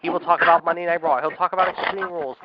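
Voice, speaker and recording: Guy hosting a radio show, announcer style, keeps saying however and ladies and gentlemen, dull lo-fi sound with heavy noise. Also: on the high side, steady tone, racing. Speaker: wrestling radio show host. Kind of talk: internet radio talk show. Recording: dull lo-fi audio with loud noise.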